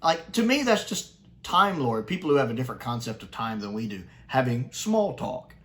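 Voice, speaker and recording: A man's voice: medium pitch, sing-song, normal speed, a bit bright. A man giving casual, enthusiastic review commentary, chatty, with fillers and restarts. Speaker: sci-fi reviewer.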